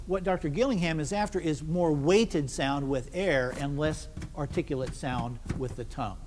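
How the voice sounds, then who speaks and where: Brief: man rehearsing a wind band, slightly high voice, rehearsal hall with long reverb. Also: darkish tone. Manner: asks questions and answers them; counts the ensemble in. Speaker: band conductor. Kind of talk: rehearsal instruction.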